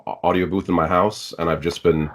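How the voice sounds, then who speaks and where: A very deep-voiced man talks casually as a podcast guest and trips over his words before he finds them. He swears freely, and it sounds like a relaxed chat. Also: a little hiss or hum. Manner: halting, stammering starts, swears freely. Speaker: guest actor and audiobook narrator.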